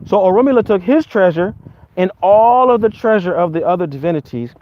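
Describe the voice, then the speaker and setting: Animated male storyteller, dull lo-fi audio. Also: high-pitched, fairly quick. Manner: animated storyteller, vocalizes sounds, repeats words. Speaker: Ifa teacher. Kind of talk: storytelling lesson. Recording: dull lo-fi audio with faint noise.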